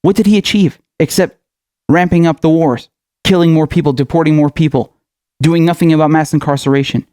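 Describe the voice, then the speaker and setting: A man's voice: a little high, steady tone, fairly quick, dark tone, no echo, studio quality. A male political commentator in a furious, profane rant, firing off angry questions.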